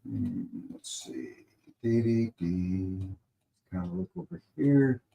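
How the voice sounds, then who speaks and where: A man's voice: mid-range voice, wildly swooping pitch, slow pace, creaky, dark tone, a little hiss or hum. A man hosting a live stream, chatting casually in a rambling, playful way and tossing in goofy sound effects. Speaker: livestream host.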